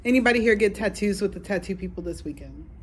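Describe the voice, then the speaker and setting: A woman co-hosting a podcast live at an event, telling a story in a brisk, joking way. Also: mid-range voice, expressive. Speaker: podcast co-host. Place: festival event room, live audience.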